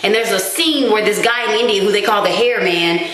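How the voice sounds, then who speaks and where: A woman vlogging at home, chatting to camera in an animated, self-mocking way. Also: mid-range voice, a little fast. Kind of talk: casual chat to camera. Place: small dim room at home. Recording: very echoey room.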